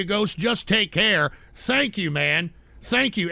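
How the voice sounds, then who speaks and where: High, gravelly, sharp-voiced ranting man. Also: animated, moderate pace, hardly any pauses, dry recording. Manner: irritable, profane ranting; swings between grumbling and loud outbursts. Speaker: livestream host. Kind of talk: live-stream commentary, reading chat.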